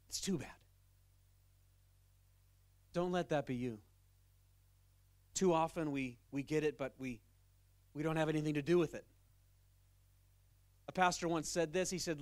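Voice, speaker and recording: Animated man preaching a sermon. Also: fairly high pitch, measured pace, pauses often, no room sound. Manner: animated, emphatic, conversational. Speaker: pastor.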